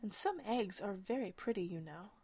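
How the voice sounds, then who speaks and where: Female reader playing a gentle, curious young girl, soft-spoken, storybook. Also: medium pitch, lively intonation, normal speed, husky. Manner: soft and polite, partly whispered. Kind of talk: storybook reading.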